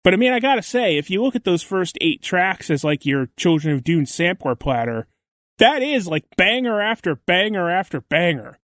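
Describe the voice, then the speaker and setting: A man's voice: sits high, very animated, normal speed, a bit bright, dry recording. Enthusiastic man co-hosting a podcast. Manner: enthusiastic, chatty. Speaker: podcast co-host. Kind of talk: casual chat.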